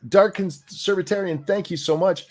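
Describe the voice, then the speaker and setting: A man hosting a casual political chat, animated and sarcastic. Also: sits high, normal speed. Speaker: host.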